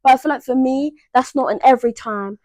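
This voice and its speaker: Teenage girl, podcast co-host, casual chat, fairly high voice, dry close sound. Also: quick pace, dry recording. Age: teens. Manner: chatty, animated, frequent "like" fillers.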